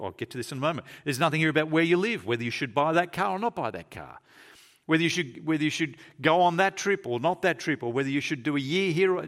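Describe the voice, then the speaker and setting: A man preaching a sermon in a church, emphatic, repeating key phrases and slowing down to stress them. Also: a little high, fairly bright tone.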